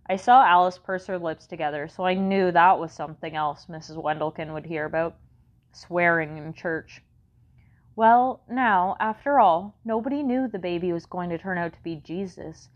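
A woman reads a first-person children's story in a wry, conversational way. Her voice sits on the low side, and the recording sounds dull and muffled. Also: moderate pace. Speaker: audiobook narrator.

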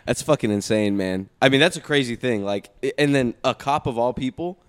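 A man's voice: medium pitch, brisk, clean tone. A young man in casual, profane chat, telling stories and laughing.

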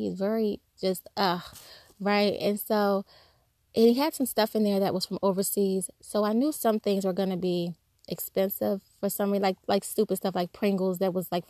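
A woman's voice: medium pitch, darkish tone, no echo, studio quality. A woman giving a conversational devotional talk, telling personal stories candidly and acting out the voices of people she quotes. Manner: acts out quoted speech. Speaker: Christian speaker.

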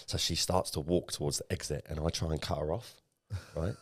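A young man co-hosting a podcast, telling animated stories and swearing freely in casual chat. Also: rumbling low, a little fast, breathy edge, no room sound, clean studio sound. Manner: animated storytelling, swears often. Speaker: podcast co-host.

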